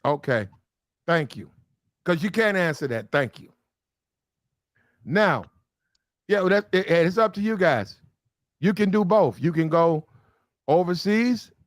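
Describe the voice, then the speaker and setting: A man's voice: fairly high pitch, expressive, a little slow, long pauses, dry recording, studio quality. A man hosting a heated panel podcast, blunt and insistent, hammering his points with repetition. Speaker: podcast host.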